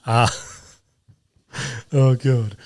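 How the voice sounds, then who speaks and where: Male comic-host, mid-pitched, sweary and self-amused storytelling, dry close mic. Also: steady tone, extremely slow, darkish tone, no room sound. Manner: swears freely, laughs at his own stories. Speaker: comedian and podcast host. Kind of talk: casual solo podcast storytelling.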